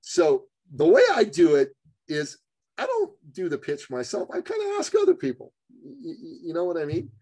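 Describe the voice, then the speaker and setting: Animated male storyteller on a podcast. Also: on the high side, normal speed, breathy edge, no echo, poor audio. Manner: animated storyteller, calls the host "brother". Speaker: podcast guest.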